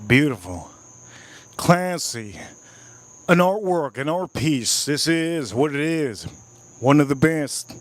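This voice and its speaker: A man's voice: a little high, expressive, slow pace, long pauses. Playful man hosting a whiskey livestream. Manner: repetitive, playful, talks to chat. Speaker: livestream host reviewing whiskey. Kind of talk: casual live-stream chat.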